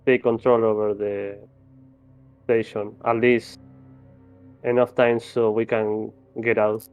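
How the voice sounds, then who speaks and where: A man playing in a tabletop game, speaking in a flat, deliberate, casual way. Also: on the low side, clean tone, faint music behind. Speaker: player. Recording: tinny, phone-like, dry mic.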